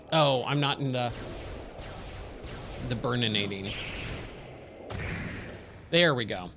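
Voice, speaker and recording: A man's voice: mid-range voice, lively intonation, takes it slowly, vocal fry, pauses often, background noise. Chatty Californian guy narrating gameplay. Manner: chatty, exclaims at the game, surfer slang. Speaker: streamer; trainer at day job. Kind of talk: casual let's-play commentary.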